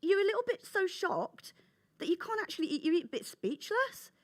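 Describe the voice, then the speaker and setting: A woman from England with a high voice, telling childhood stories and acting out the voices of her younger self. Her voice swoops up and down, animated and expressive. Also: moderate pace. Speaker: author. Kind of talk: conversational interview.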